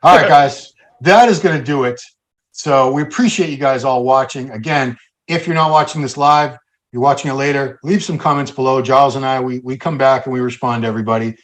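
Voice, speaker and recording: A man's voice: mid-range voice, a little fast. An American man hosting a casual podcast, chatting in an upbeat, talkative way. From United States. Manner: upbeat, chatty sign-off patter. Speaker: host.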